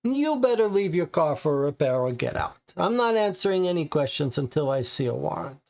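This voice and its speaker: A man voicing a short, stocky garage owner with a strong Italian accent, evasive and gruff. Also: on the high side, sing-song, a little fast, darkish tone.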